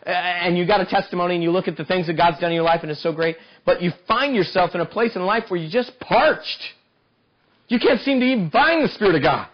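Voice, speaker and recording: A man preaches a sermon in an animated way, his voice climbing high as he acts out a desperate plea. The recording is dull and lo-fi, like an old church tape. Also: quick pace. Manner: animated, voice climbing high when acting out Samson's pleas.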